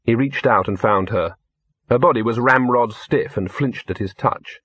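A man reading a novel aloud in measured, scripted narration. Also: mid-range voice, a bit bright, slightly rough, no room sound. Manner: measured storytelling. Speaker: audiobook narrator. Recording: dull lo-fi, dry close mic.

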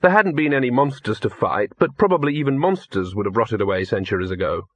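Husky male audiobook narrator. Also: medium pitch, expressive, fairly bright tone, no room sound. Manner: measured storytelling. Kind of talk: scripted narration. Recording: dull lo-fi, dry close mic.

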